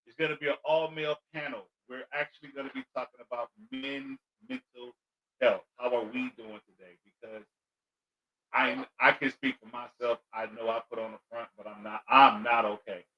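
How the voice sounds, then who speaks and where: A man, a comedian guest on a podcast, talking candidly in relaxed chat and stumbling over his words. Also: mid-range voice, moderate pace, muffled recording.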